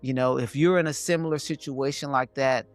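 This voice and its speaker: A man's voice: mid-range voice, fairly even intonation, brisk, faint music behind. Earnest male podcast host reflecting. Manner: earnest, rambling, with many fillers and restarts. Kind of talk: casual conversational reflection.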